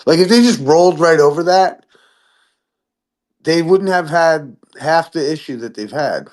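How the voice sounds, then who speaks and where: A man chatting casually on a podcast, swearing often and jumping into high-pitched impressions of other people. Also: a little slow. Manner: profane, animated, mimics people in high voices. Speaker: podcast host. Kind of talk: casual chat.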